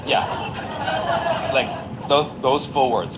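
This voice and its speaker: A man's voice: medium pitch, big pitch swings, normal speed, heavy background noise. A man giving sarcastic commentary and reading text messages aloud, laughing between lines. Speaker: online commentator.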